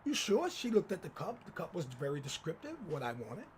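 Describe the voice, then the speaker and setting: A man hosting his own channel, telling a personal story in lively commentary and acting out the people he quotes. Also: on the high side, fairly quick, slight background noise. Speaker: channel host.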